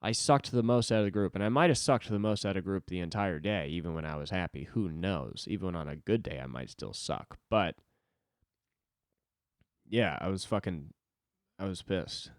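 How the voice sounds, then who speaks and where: A man's voice: low-pitched, normal speed, dry recording, studio quality. A young man hosting a solo podcast, rambling casually with lots of swearing and self-deprecating asides.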